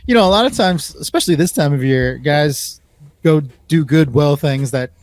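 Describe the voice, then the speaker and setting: A man's voice: on the high side, no echo. A man co-hosting a sports podcast, teasing and bantering in casual chat. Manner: teasing, quick to agree and banter. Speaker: podcast co-host.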